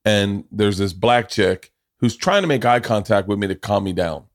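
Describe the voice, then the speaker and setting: A male podcast host in casual chat, telling a story in an animated, profane comic way. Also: fairly low pitch, normal speed.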